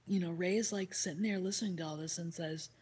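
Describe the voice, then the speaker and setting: A woman hosting a livestream casually retells a story while reading and answering chat comments, swearing freely and dropping into whispered asides. Her voice is fairly low and darkish, steady in tone, and fast.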